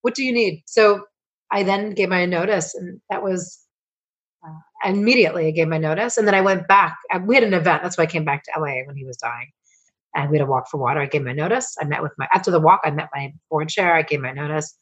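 A middle-aged woman, a coach and founder, telling personal stories as a podcast guest, emotional and swearing freely as she rambles with quick restarts. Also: low-pitched, husky, lo-fi sound. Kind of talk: candid storytelling interview.

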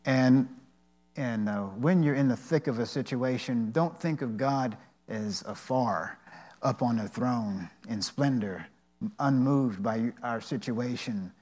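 A man giving an earnest devotional talk with personal stories. He speaks haltingly, with many restarts. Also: medium pitch, a little mellow.

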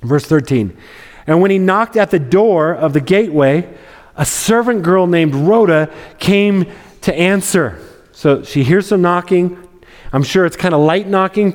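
High-voiced preacher in an echoing hall. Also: male voice, moderate pace. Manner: conversational, wry asides. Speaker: pastor. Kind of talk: expository sermon. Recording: long hall reverb.

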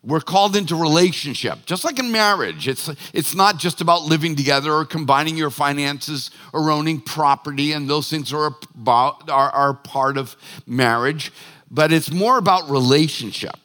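A male pastor gives a casual, joking sermon, stopping and restarting his sentences as he goes. His voice is bright and a little high, and it rings through a church hall with a long echo. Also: normal speed. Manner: chatty, joking, self-interrupting.

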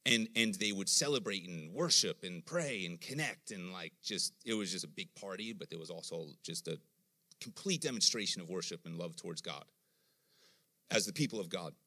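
A man's voice: low voice, moderate pace. A middle-aged man preaching a sermon, telling stories and acting out the voices he quotes. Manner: animated storytelling, acts out quoted voices.

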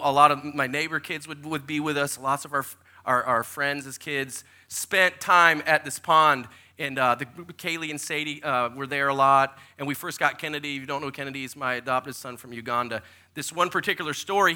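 A man in his forties, a pastor giving a sermon full of lively, joking personal stories. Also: a little high. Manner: animated, jokey storyteller who acts out quotes.

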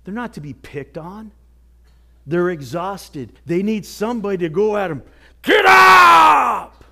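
A male pastor preaching a sermon with earnest exhortation, dropping to near whispers and rising to shouts. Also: sits high, animated, moderate pace. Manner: swings from hushed to shouting.

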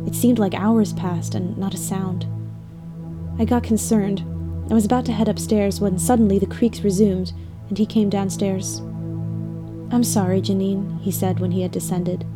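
A woman's voice: medium pitch, fairly even intonation, normal speed. A woman narrating a scripted first-person story with an emotional, dramatic delivery. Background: music bed.

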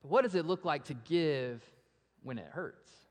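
A man preaching a sermon, asking rhetorical questions that swell and then drop to a hush, and animated when he acts out story voices. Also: a little high, a little slow. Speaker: pastor. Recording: long reverb of a large hall.

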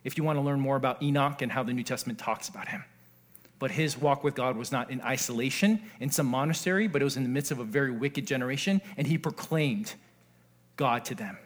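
A man preaching a sermon as pastor, earnest, shifting between hushed intimate passages and excited exclamations, joking with the congregation. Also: medium pitch, quick pace.

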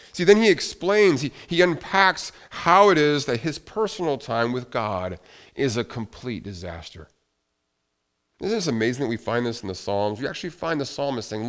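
A young adult man preaching a sermon as pastor, earnest, often repeating phrases and dropping to a quiet voice. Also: mid-range voice, very animated, normal speed.

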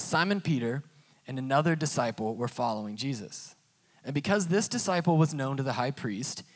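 A young man preaching a sermon, reading scripture and acting out the characters in a conversational, joking way. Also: medium pitch. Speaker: pastor.

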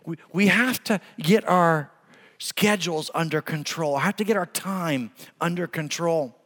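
A man's voice: on the high side, a little slow, fairly bright tone. A man in his forties preaching a sermon as pastor, telling a story with emphasis and laughing now and then. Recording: long hall reverb.

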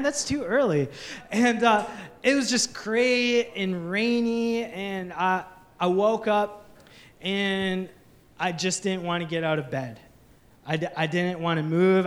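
A man who is a pastor, preaching a candid, conversational sermon with frequent restarts in a church. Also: high-pitched.

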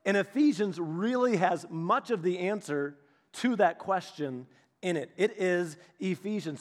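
A man pastor giving a casual, storytelling sermon, chatty and animated, speaking directly to his congregation. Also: high voice. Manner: chatty, animated, many restarts and asides.

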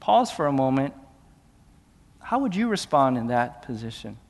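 A man preaching a sermon as pastor, moving between hushed, slow passages and raised, urgent questions. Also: mid-range voice, big pitch swings, gravelly, in a large hall.

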